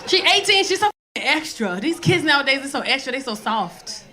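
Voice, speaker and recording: A woman's voice: high voice, sing-song, moderate pace. A woman doing a brash, profane stand-up routine on a club stage. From New York, South Bronx. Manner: brash, profane, acts out characters. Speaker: stand-up comedian. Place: comedy club stage, laughing audience. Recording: live club recording with crowd noise.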